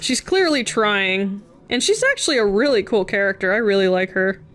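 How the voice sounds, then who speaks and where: A woman's voice: mid-range voice, animated, moderate pace, fairly bright tone. A woman commenting on a video game, making joking, sarcastic asides. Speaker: let's play streamer.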